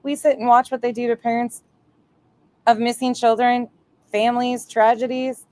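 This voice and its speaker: A woman's voice: a little high, level tone, moderate pace, warm tone, clear, resonant tone. Nasal woman host, dry sarcastic commentary with plenty of swearing. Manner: sarcastic, profane running commentary. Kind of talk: reaction commentary.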